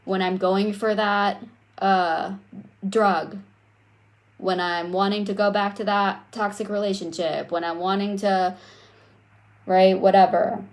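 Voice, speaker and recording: A young woman leads a live-streamed coaching session, talking directly to her viewers. Her delivery is animated and conversational, her voice sits at an ordinary middle pitch, and she keeps prompting the audience to respond. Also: slow pace, pauses often. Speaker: self-worth coach.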